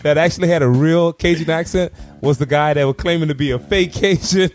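A man's voice: on the high side, a little fast, soft background music. A man from Louisiana chatting casually on a podcast, laughing often and mimicking how people talk back home. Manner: laughing storyteller, mimics local speech. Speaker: podcast co-host. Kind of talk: casual chat.

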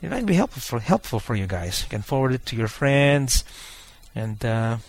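A man's voice: mid-range voice, very animated, normal speed. A man hosting a podcast, talking casually to his listeners with many fillers and restarts. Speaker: podcast host.

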